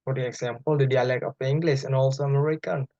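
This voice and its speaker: A young man giving a class presentation, explaining slowly with many fillers. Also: mid-range voice, fairly even intonation, dark tone, no echo. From Bali, Indonesia. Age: young adult. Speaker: student presenter. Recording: dry, dull lo-fi sound.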